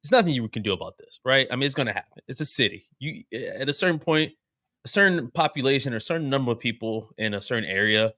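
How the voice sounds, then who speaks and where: A man's voice: mid-range voice, animated, fast talker, bright, forceful tone, dry recording. Rambling, joking man with a dry close sound. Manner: joking, loose and rambling, lots of fillers. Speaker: podcast co-host. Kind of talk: casual chat.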